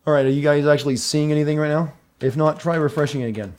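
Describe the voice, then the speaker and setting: A man's voice: on the high side, fairly even intonation, fast, darkish tone. A man streaming a video game, chatting casually with viewers about connection problems and his play.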